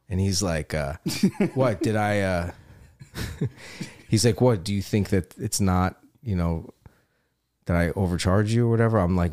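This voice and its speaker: A man's voice: deep voice, normal speed. A middle-aged man telling a funny story in casual podcast chat, laughing and swearing as he goes. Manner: animated anecdote with frequent swearing and laughter. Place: Los Angeles.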